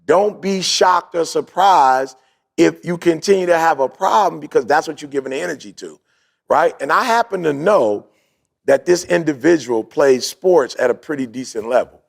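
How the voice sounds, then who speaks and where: Gravelly, animated man telling a story. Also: a little high, moderate pace. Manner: animated, slangy, acts out his own quotes. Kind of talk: casual storytelling chat.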